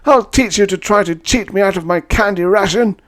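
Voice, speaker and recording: A man's voice: sits high, brisk, fairly bright tone, pitched above the performer's own voice. A man reading an audiobook, voicing a crazed, wasted young man who shrieks and raves with a knife in hand. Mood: raving. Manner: shrieking, raving.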